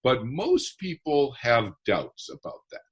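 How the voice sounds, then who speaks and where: A man's voice: medium pitch, big pitch swings, slow, breathy edge. A man who is a guest author on a podcast, explaining his ideas earnestly and step by step. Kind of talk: podcast interview.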